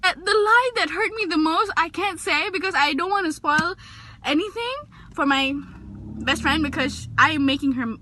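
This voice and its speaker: High bright-voiced young woman gushing in a car. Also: normal speed, slight background noise. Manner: gushing and emotional, pitch jumping up when excited. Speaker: vlogger. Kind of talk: casual book review vlog. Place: parked car.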